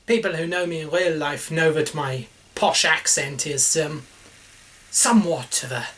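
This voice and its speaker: A man vlogging casually over lunch at home, talking slowly with many pauses and fillers and chuckling often. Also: a little high, pushed and bright.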